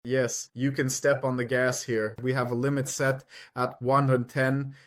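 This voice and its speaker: A man's voice: mid-range voice, flat delivery, measured pace. Chatty man vlogging from a truck cab. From Ukraine. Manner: rambling, chatty, addresses viewers as friends. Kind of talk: casual chat while driving.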